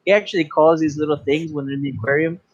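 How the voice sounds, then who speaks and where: A man's voice: fairly high pitch, steady tone, fast talker, breathy edge, dry recording. A man co-hosting a casual movie review podcast, talking with enthusiasm and acting out lines in funny voices. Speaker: podcast co-host. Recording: dry dull lo-fi sound.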